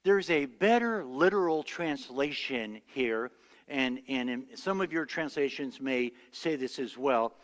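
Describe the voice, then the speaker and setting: A man's voice: mid-range voice, lively intonation, a little slow, big-room sound. A male pastor preaching a sermon, telling stories and acting out the voices he quotes. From United States. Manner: storytelling, acts out quoted voices. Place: church sanctuary.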